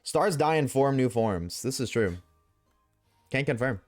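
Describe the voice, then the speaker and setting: A man's voice: medium pitch, lively intonation, a little slow, a little mellow, dry recording, soft background music. A young man streaming a game, chatting casually with his viewers, joking and swearing freely. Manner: profane, joking, talks back to chat. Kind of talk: casual gaming livestream chat.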